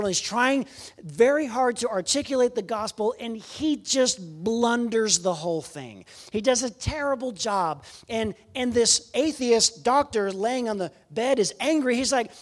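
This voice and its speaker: A young man giving a sermon as a guest preacher, telling a story with animated shifts into quoted voices. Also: sits high.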